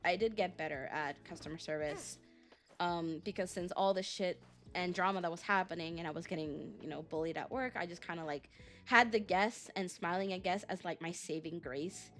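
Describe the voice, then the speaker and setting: A woman's voice: lowish voice, moderate pace, a bit bright, soft background music. A young adult woman streaming as a VTuber, chatting casually and rambling through a story with lots of fillers.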